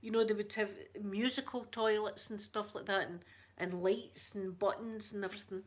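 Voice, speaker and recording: Soft-spoken woman with a thick Scottish accent. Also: mid-range voice, steady tone, normal speed. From Scotland. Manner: chatty, laughs often, soft-spoken. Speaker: livestream host. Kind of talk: casual chat with live viewers.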